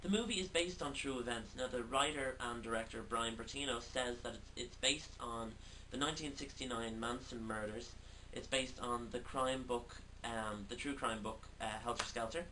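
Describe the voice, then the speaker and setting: A man's voice: mid-range voice, moderate pace, sharp tone. A man giving a casual video film review, talking hesitantly with many fillers. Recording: distant mic, faint background noise.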